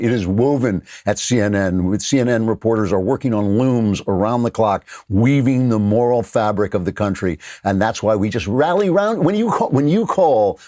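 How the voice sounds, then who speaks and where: A man's voice: on the low side, lively intonation, normal speed, few pauses, dark tone, dry recording, studio quality. A man in his sixties hosting a political commentary show, mocking his targets with frequent laughs and emphatic repetition. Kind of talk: opinionated commentary monologue.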